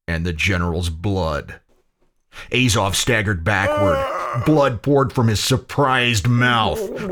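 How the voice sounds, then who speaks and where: A man narrating a pulp audio story in a dramatic, deliberate reading. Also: fairly low pitch, noisy background.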